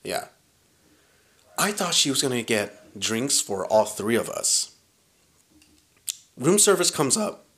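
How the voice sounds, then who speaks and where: A man in his thirties casually telling a story in a podcast chat, animated and swearing often, acting out what people said. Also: mid-range voice, takes it slowly, long pauses. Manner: animated, profane, acts out quoted lines.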